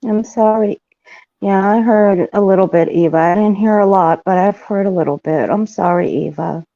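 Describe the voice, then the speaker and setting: A woman's voice: mid-range voice, moderate pace, warm tone, no echo. Blunt, affectionate woman co-host on dull audio. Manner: affectionate, blunt, swears casually. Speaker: livestream co-host. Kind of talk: casual livestream chat. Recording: dull, dry stream audio.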